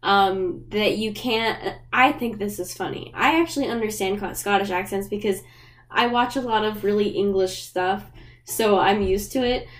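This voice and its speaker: A woman's voice: medium pitch, normal speed. A woman co-hosting a casual podcast chat, giggly and chatty, explaining at length. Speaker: podcast co-host.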